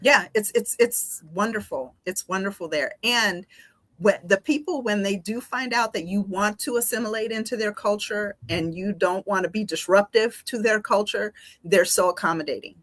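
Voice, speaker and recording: A woman's voice: medium pitch, moderate pace, a bit bright. A woman guest in a casual talk show chat who repeats her phrases for emphasis.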